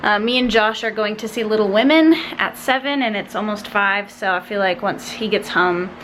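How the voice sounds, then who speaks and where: A woman's voice: mid-range voice, normal speed, a bit bright, slight background noise. A young woman vlogging casually to her camera, chatty and bubbly, rambling through her day. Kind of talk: casual vlog talking to camera. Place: at home indoors.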